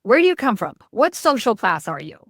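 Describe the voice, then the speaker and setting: Blunt, animated New York-born woman. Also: fairly high pitch, brisk, vocal fry, no echo, clean studio sound. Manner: blunt, animated, self-interrupting. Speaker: interview guest, marketing expert. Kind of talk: casual podcast interview.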